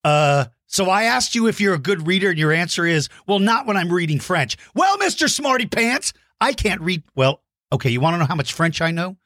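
A woman's voice: fairly low pitch, sing-song, fairly quick, few pauses, a bit bright, dry recording, clean studio sound. A woman hosting a playful chat with a child over a video call, joking and teasing with silly sound effects. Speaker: host.

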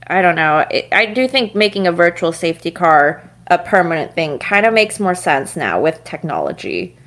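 A woman's voice: fairly low pitch, very animated, moderate pace, fairly bright tone. A woman co-hosting a casual podcast, talking through a race in a chatty, analytical way with frequent laughs. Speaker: podcast co-host. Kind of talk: casual chat about motor racing.

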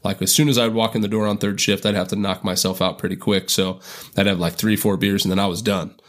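A man's voice: on the low side, steady tone, fast talker. A middle-aged man on a podcast, telling long stories in a rambling way with lots of fillers and restarts. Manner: rambling, filler-heavy, self-interrupting. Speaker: podcast guest. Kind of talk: casual storytelling.

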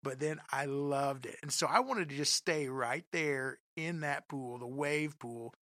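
A man telling a comic personal story in an animated, self-deprecating way, often talking straight to his listeners. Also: medium pitch, measured pace, dry recording, clean studio sound.

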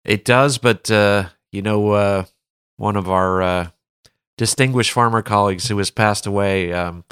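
A man co-hosting a podcast as a caddie, telling stories in an animated way and laughing often. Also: on the low side, a little slow, clear, resonant tone, no echo, clean studio sound. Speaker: golf caddie, podcast co-host. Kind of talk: casual chat.

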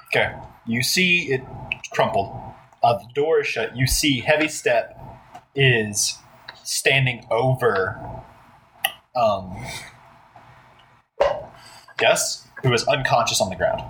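Bright sharp-voiced guy gm'ing a tabletop game, lots of "like", mid pitch. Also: slow, pauses often, a little hiss or hum, rough recording. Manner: loose, filler-heavy description with lots of "like". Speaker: game master.

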